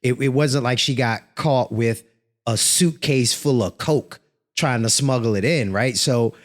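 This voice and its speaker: Man, podcast co-host, casual chat, mid-pitched voice, quick joking asides. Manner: laughs easily, joking asides.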